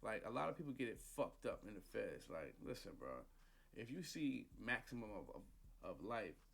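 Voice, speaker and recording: A man's voice: lowish voice, big pitch swings, normal speed, gravelly, fairly bright tone. A man casually telling a personal story into a studio microphone, slangy and profane, acting out the people he quotes.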